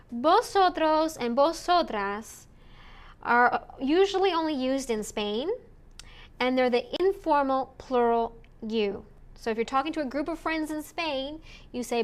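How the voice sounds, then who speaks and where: Slow, smooth-voiced woman teaching. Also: sits high. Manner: slow and deliberate, models words for repetition. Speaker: Spanish teacher. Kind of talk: recorded language lesson.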